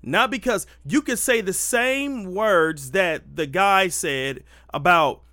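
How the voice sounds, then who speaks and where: A man's voice: high voice, slow, few pauses, bright, forceful tone, no echo. A man giving emphatic, preachy Christian commentary, full of rhetorical questions and restarts.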